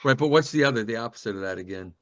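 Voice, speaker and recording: A man's voice: medium pitch, lively intonation, very fast, fairly bright tone. A man moderating a group discussion, insistent and repeating himself to make a point, on a dull lo-fi call. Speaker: discussion host.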